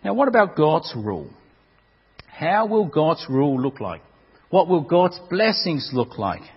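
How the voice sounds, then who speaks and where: A man's voice: on the high side, very animated, a little slow, husky. A man preaching a sermon in a dramatic way, often repeating words as he goes. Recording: dull recording with long hall reverb.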